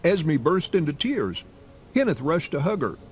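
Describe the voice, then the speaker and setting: A man reading a story game aloud as a let's play narrator, with an expressive delivery. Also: a little high, a little slow, slight background noise.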